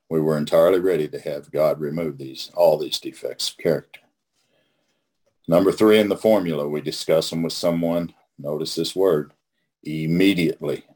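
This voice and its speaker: A middle-aged Oklahoma man with a low, slightly mellow voice leads a recovery study in a casual teaching talk. His manner is folksy and emphatic, and he repeats phrases to drive points home.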